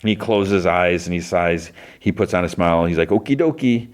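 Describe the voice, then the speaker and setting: Deep-voiced man rambling through a recap. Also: steady tone, a little fast, clean tone. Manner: rambling, heavy use of fillers and restarts; briefly acts out characters' lines in quotes. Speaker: podcast host. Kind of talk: casual episode recap.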